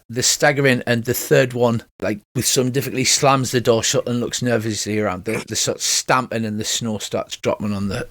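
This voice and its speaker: A man's voice: mid-range voice, fairly bright tone, dry recording. A man narrating a tabletop game as game master, rambling with lots of ums. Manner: rambling, filler-heavy narration.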